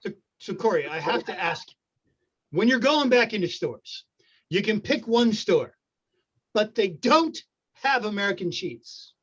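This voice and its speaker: A man's voice: high-pitched, big pitch swings, a little slow, fairly bright tone, breathy edge. A man hosting an online improv show, joking and rambling playfully. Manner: jokey, rambling. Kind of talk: playful show hosting over video call. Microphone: video call. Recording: muffled lo-fi video call audio.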